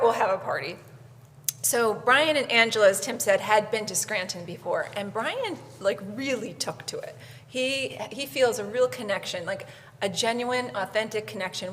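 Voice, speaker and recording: A woman with a bright, sharp voice tells a story with animation and acts out the dialogue. Her voice carries through a hall with reverb and faint background noise. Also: mid-range voice. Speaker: event organizer. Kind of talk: conference talk storytelling. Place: conference hall.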